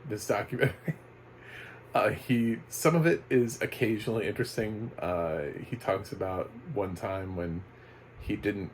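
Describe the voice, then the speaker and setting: A man's voice: sits low, a little hiss or hum, low-quality recording. A man giving a casual, rambling video review of a documentary, full of fillers, restarts and chuckles. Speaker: movie reviewer.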